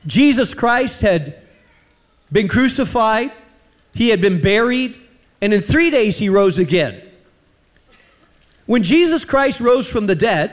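A man preaching a sermon, telling a personal story and slowing down for emphasis. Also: high voice. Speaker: pastor.

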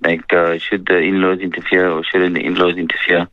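A man, a religious scholar on a radio show, answering questions in a steady, conversational way with many fillers. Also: deep voice, fairly quick, phone-quality sound, a little hiss or hum.

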